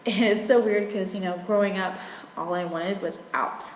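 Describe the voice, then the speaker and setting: A woman's voice: medium pitch, steady tone, moderate pace, reverberant, big-room sound, a little hiss or hum, rough recording. A young woman from rural in her twenties, chatting casually in a rambling vlog at home with lots of fillers. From rural Virginia. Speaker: vlogger.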